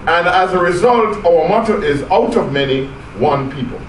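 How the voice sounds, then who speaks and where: An animated Jamaican man speaks to a club audience in a high, lively voice, teasing them as he goes. He stands well back from the mic in an echoey meeting room. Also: moderate pace, far from the mic, a little hiss or hum. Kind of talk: public speech to a club audience.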